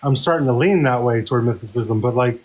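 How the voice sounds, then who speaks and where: Man, debate moderator, measured and explanatory, middle pitch. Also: a little mellow, rough recording. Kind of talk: live online debate.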